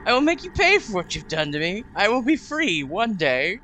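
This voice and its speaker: A woman's voice: medium pitch, sing-song, moderate pace, fairly bright tone, a little hiss or hum. A woman voicing a vengeful, scheming male house cat that makes brooding threats.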